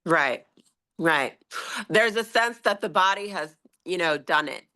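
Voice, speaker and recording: A woman's voice: on the low side, lively intonation, a little slow, over a noisy crowd. A woman in a casual group chat on a video call, talking freely with fillers and laughter. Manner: chatty, frequent laughs and fillers. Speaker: meeting participant.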